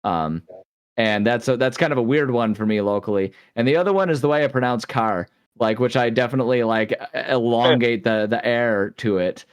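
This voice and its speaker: A man's voice: medium pitch, a little fast, clean tone, no echo, studio quality. Rambling Midwestern man on a podcast. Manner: rambling, restarts a lot, laughs easily. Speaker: podcast co-host. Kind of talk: casual podcast chat.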